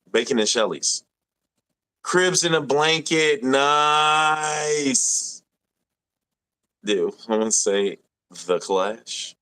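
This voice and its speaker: A man's voice: fairly high pitch, takes it slowly, pauses often, pushed and bright, smooth. A young man hosting a casual live stream, reading viewer comments aloud with a laid-back, laughing manner.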